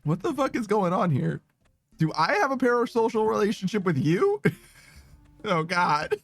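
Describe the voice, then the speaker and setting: High-pitched and sing-song at a moderate pace, a man streams a game and rambles casually to viewers, laughing often, swearing a lot and teasing himself. The recording is dry and close-miked with no room sound and faint music behind.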